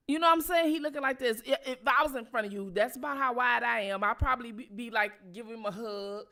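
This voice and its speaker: Woman channel host, bright, fairly high voice, profane and emphatic commentary. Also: expressive, fairly quick, gravelly, few pauses. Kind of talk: casual political commentary.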